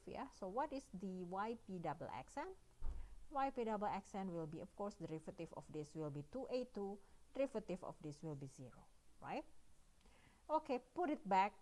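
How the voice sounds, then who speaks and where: A woman's voice: mid-range voice, a little mellow. A woman with an Indonesian accent giving a recorded math lecture, working through each step and often checking in with "yeah" and "right?".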